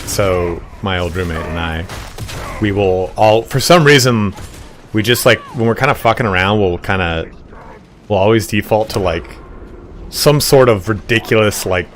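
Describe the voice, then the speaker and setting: A young man with a fairly low voice, from Southern California, talking through a game stream in a loose, rambling way full of "like" and "uh." A faint hiss sits under his desk mic. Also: normal speed, a bit bright. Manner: laid-back, rambling, many fillers. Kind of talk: casual gaming stream chat.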